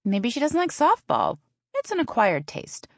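A woman's voice: a little high, wildly swooping pitch, normal speed, dry recording, clean studio sound, voice pushed up, heavily acted. A woman voicing a sarcastic adult sister who teases and needles in a raised voice. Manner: mocking, needling.

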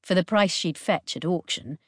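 A woman narrating an audiobook in a measured, even way. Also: fairly low pitch, dry recording, studio quality. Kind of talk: scripted narration.

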